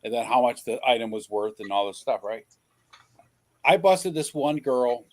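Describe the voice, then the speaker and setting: A man's voice: mid-range voice, animated, moderate pace. A man co-hosting a casual live stream, telling a story bluntly, swearing casually and adding incredulous asides. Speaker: co-host of a toy live stream. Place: home setup on a live stream. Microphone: streaming mic.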